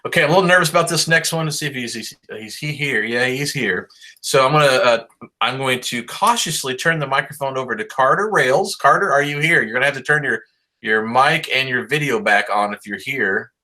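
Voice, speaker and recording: A man's voice: medium pitch, brisk, pushed and bright. A middle-aged man, a band director on a video call, praising his seniors in an upbeat, rambling way full of fillers. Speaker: high school band director.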